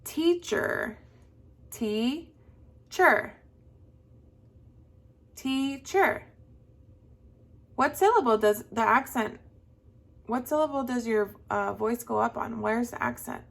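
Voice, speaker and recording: A woman's voice: fairly high pitch, moderate pace, gravelly. A young woman teaching a lesson to young children, drawing out words in a sing-song voice for them to echo. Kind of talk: slow, patient classroom lesson for young children.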